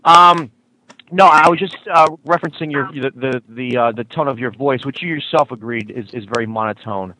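A man's voice: medium pitch, normal speed, pushed and bright, rough recording. A man co-hosting a call-in radio show, questioning callers in a mock-serious, teasing way. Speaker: radio co-host. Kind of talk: casual call-in chat.

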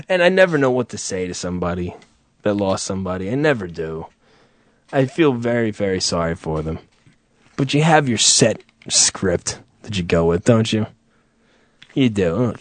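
A man's voice: medium pitch, lively intonation, moderate pace, no echo. A man hosting a crude, comedic live chat, profane and sardonic, laughing often.

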